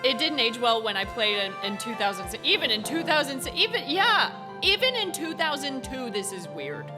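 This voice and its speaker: A young American woman chatting through a game stream, animated and giggly and full of "like". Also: high voice, normal speed. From United States. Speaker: gaming streamer. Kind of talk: casual gameplay commentary. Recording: game music in the background. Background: game music.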